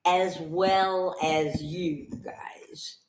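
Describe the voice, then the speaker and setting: A woman's voice: on the low side, fairly even intonation, drawn-out words, a little hiss or hum. A middle-aged woman co-hosting a casual livestream, making dry remarks. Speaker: co-host, host's wife. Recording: echoey room.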